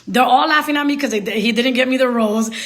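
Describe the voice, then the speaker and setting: A young woman tells a story in a lively, chatty way and keeps dropping into Spanish phrases. Her voice is bright and sits a little high. She sounds like she is talking straight to her followers. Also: fast. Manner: animated, laughing often, switches into Spanish. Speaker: storyteller vlogger. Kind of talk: casual storytime monologue.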